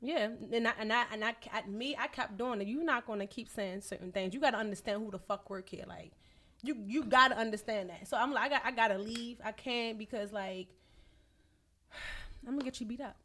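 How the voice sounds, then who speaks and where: A woman's voice: on the high side, normal speed, sharp tone. A young adult woman co-hosting a casual podcast chat, talking bluntly, with a lot of swearing and emphasis. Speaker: podcast co-host.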